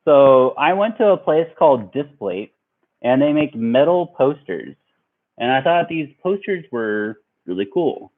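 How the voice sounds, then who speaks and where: A young man casually telling a rambling story to his viewers, animated and laughing along. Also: medium pitch, measured pace. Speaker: vlogger. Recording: tinny phone-like audio.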